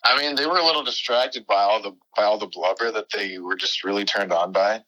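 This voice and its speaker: Man, podcast guest, giggly, rambling, bright voice. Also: fairly low pitch, brisk, poor audio. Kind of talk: casual comedic banter.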